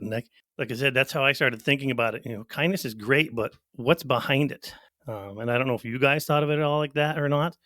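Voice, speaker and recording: A man's voice: mid-range voice, pushed and bright, dry recording, studio quality. Reflective middle-aged man on a podcast. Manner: reflective, self-deprecating, laughs easily. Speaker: podcast co-host. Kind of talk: casual podcast chat.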